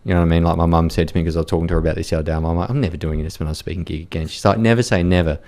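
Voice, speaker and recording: Blunt deep-voiced man. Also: fairly even intonation, rapid-fire, darkish tone. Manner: blunt, profane, rambling with many fillers. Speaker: podcast guest, war reporter. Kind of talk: casual storytelling chat.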